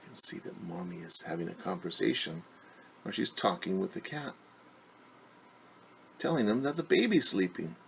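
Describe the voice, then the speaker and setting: A man, a teacher, reading a picture book aloud to children in a gentle, hushed way, often dropping to a whisper and explaining new words simply. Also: low-pitched, expressive, normal speed, creaky, long pauses, a little hiss or hum.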